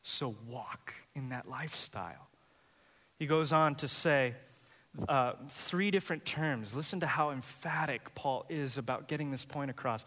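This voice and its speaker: A man preaching a sermon as pastor, earnest and building to animated, high-pitched emphasis. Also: normal speed, long reverb tail.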